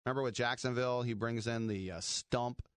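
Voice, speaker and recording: A man's voice: mid-range voice, steady tone, brisk, clear, resonant tone, dry recording. A middle-aged man hosting sports radio, chatting in a wry, rambling way and laughing at his own jokes. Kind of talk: casual sports talk radio.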